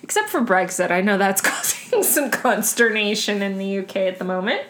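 A woman's voice: medium pitch, lively intonation, moderate pace, a bit bright. A woman from the United States co-hosting a podcast in casual chat, wry and self-deprecating. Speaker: podcast co-host.

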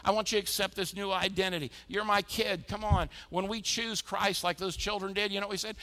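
A male pastor preaching a sermon, emphatic and energetic, often repeating his points. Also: high voice, brisk, few pauses. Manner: energetic, emphatic exhortation with repetition.

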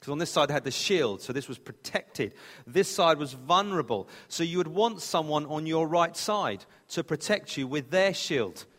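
A man's voice: a little high, animated, moderate pace, fairly bright tone. A man preaching a sermon in a plain, conversational way, sometimes restarting his phrases. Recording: reverberant hall.

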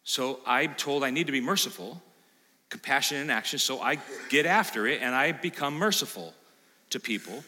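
A man's voice: medium pitch, normal speed. A man preaching a sermon as pastor, talking straight to the congregation, quizzing them and acting out what they might say. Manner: animated, plays out imagined listener lines, quizzes the congregation. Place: church sanctuary. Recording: long hall reverb.

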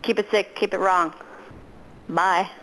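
A woman's voice: medium pitch, steady tone, measured pace, fairly bright tone, poor audio. A woman calling into a podcast on the phone, leaving a chatty, giggly voicemail. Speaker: caller.

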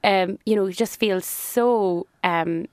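A woman's voice: medium pitch, takes it slowly, darkish tone, clean tone, no room sound. Businesswoman guest, chatty, easy laugh, dry close sound. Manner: chatty, laughs easily, thinks aloud with fillers. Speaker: business owner, interview guest. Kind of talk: casual interview chat.

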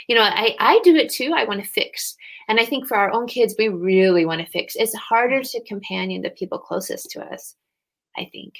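A woman's voice: medium pitch, moderate pace. A woman in her thirties speaking as a guest in an interview, earnest and reflective, acting out parents and children as she explains. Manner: earnest, animated when acting out parents and kids. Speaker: guest, grief companion trainer. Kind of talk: conversational interview.

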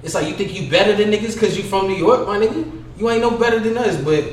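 A young man with a fairly high voice rants and tells stories on a casual podcast, swearing freely and breaking into loud, animated bursts. The room is echoey, with a faint hum of background noise behind him. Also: quick pace. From California. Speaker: podcast co-host.

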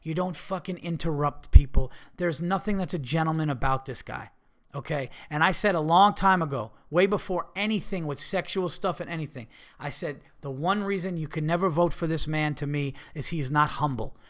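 A man's voice: a little high, moderate pace. A man hosting a comedy podcast, ranting emphatically with heavy profanity. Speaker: podcast host.

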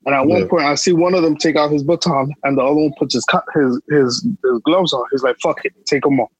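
A young man tells his story in casual slang, repeating himself for emphasis. His voice sits a little high for a man and has a husky edge. The sound is close and dry. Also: steady tone, fast talker, dry recording, poor audio. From New York. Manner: emphatic, repetitive street slang. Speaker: podcast co-host.

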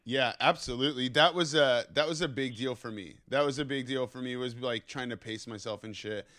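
A man from the Bay Area hosting a casual interview, excitable and swearing freely. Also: mid-range voice, a little fast, a crowd in the background. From San Francisco Bay Area. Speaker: podcast host.

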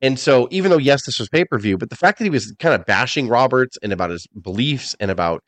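A man co-hosting a podcast, telling stories in animated casual chat, swearing freely. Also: medium pitch, fast talker, no echo. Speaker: podcast co-host.

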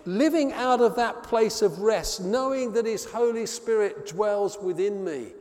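A man preaching a sermon, telling a story with expressive delivery that drops soft and low on key words. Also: unhurried. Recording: long reverb of a hall.

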